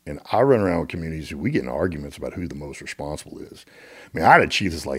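A middle-aged American man with a very deep, husky voice tells stories in a casual interview. He speaks with energy and often repeats words as he builds to a point. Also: racing. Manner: animated, repeats words when excited. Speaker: guest.

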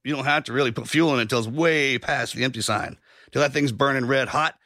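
A man's voice: medium pitch, a little fast, sharp tone, no echo, clean studio sound. A man co-hosting a podcast, folksy and rambling, who spins long analogies and swears casually. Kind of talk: conversational podcast talk.

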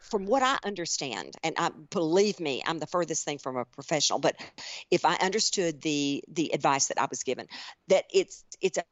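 A woman's voice: low voice, expressive, fairly quick, no room sound. Woman in her sixties, chatty. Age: 60s. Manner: chatty storyteller, frequent restarts and repeats. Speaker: podcast guest. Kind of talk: casual chat. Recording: dry, slightly muffled podcast audio.

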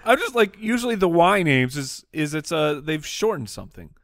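A man co-hosting a comedy podcast, jumping in excitedly and riffing on the others' jokes. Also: fairly high pitch, gravelly, dry recording, clean studio sound. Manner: excitable, quick to jump in and riff. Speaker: podcast co-host. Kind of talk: casual comedic chat.

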